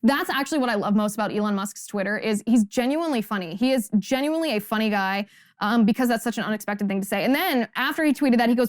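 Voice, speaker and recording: A woman's voice: fairly high pitch, quick pace, no echo, clean studio sound. A young adult woman hosting a political commentary monologue, talking emphatically and indignantly with pointed rhetorical questions. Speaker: host.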